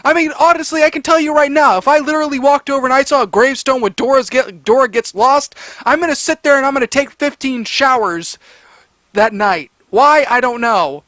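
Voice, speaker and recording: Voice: high voice, brisk, a bit bright. A story reader giving comedic commentary in a rambling, sarcastic way, full of fillers and restarts.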